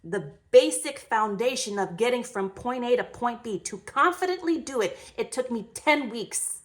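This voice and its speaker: With a fairly high pitch and lively intonation, a woman in her 30s tells a storytime vlog at normal speed. Her account is blunt, emotional and candid, sprinkled with mild swearing.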